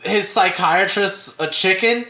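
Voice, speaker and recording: A man's voice: high-pitched, slow pace. A man co-hosting a podcast, casually reviewing a movie and retelling its scenes with lots of swearing. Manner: profane, animated retelling of scenes. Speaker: podcast co-host. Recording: echoey room.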